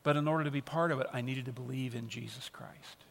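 A man's voice: mid-range voice, fast, vocal fry. A man preaching a sermon as pastor, earnest and emphatic, repeating key phrases for stress. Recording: long reverb of a large hall.

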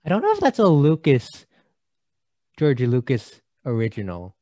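A man co-hosts a film podcast in an animated, jokey way and often restarts his sentences. His pitch swings a lot. The recording is dry, close and plain. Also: normal speed, dry recording. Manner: animated, jokey, trips over words. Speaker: podcast co-host. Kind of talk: casual movie discussion.

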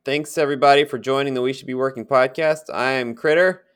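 A man's voice: medium pitch, steady tone, fast talker, fairly bright tone, clean tone. A man co-hosting a podcast in casual chat, rambling and chatty, laughing at his own stories. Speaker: podcast co-host.

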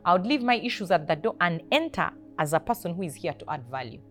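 A woman's voice: lowish voice, lively intonation, quick pace, a bit bright, faint music behind. A woman hosting a faith podcast, exhorting listeners with short, emphatic commands about attitude at work. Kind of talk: motivational faith talk.

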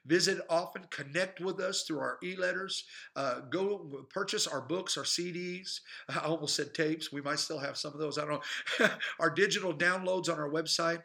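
A man's voice: on the high side, normal speed, creaky, pushed and bright. A man, a pastor and evangelist, preaching a fervent sermon with emphatic, repetitive cadence on a podcast. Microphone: podcast microphone.

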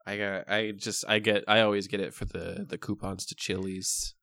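Deadpan low-voiced man. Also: normal speed, vocal fry, no room sound, studio quality. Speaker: improv comedian playing a coworker. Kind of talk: improvised comedy sketch.

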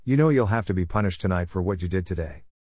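A man voicing a calm, controlled, authoritative house manager in a story reading. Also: sits low, fast, no room sound, studio quality. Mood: commanding. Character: calm, commanding adult male house manager.

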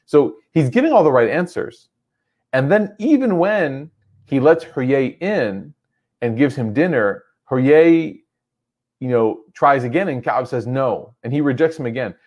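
A man's voice: medium pitch, animated, measured pace, darkish tone, highs cut off. A man giving a religious lecture, retelling a story in a loose, conversational way full of "like" and "you know".

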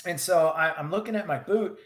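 A combat veteran telling a personal story in vivid, halting bursts with many restarts. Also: male voice, sits high. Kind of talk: personal story told in conversation. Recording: roomy echo.

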